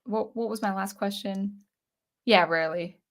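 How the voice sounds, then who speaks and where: A woman's voice: medium pitch, normal speed. A young adult woman, a composer, thinking aloud in a casual talk to camera, with frequent restarts. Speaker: composer vlogger.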